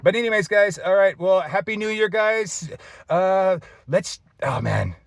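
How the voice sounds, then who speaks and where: A man's voice: high voice, expressive, measured pace, gravelly, no echo, clean studio sound. Chatty, teary man vlogging. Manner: chatty, rambling, says "dude" a lot. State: teary, choked up. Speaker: fitness vlogger. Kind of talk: off-the-cuff emotional vlog.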